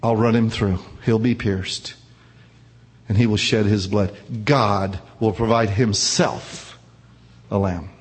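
A man voicing God as a grave, solemn speaker making a slow declaration. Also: on the low side, fairly even intonation, breathy edge, voice pushed down. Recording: long hall reverb.

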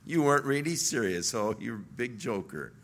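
A man voicing a coaxing, manipulative young woman in sermon storytelling, speaking in a soft, hushed, wheedling tone. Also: mid-range voice, expressive, moderate pace, pitched below the performer's own voice. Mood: pleading.

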